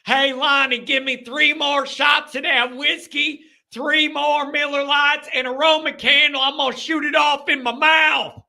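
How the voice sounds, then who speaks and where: A man voicing a rowdy, reckless drunk man at a fireworks party, hollering loudly. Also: very high voice, fairly even intonation, a little slow, vocal fry, hardly any pauses, pitched above the performer's own voice, heavily acted.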